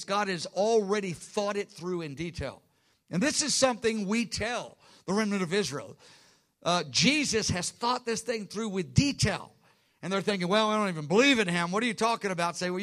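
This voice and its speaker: A man's voice: sits high, a bit bright. A man preaching a sermon with earnest emphasis, often restarting phrases and acting out quotes. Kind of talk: sermon teaching.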